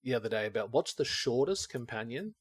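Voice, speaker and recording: A man's voice: mid-range voice, animated, brisk, husky, dry recording. A man co-hosting a podcast, rambling casually and acting out his own thoughts as he talks. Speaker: podcast co-host. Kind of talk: casual chat.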